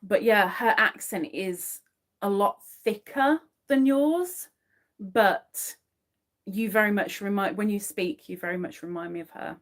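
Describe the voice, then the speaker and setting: A woman's voice: medium pitch, unhurried. A woman hosting a crochet livestream, chatting casually with viewers and murmuring her stitch counts while she works. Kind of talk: casual chat to a live audience while crocheting.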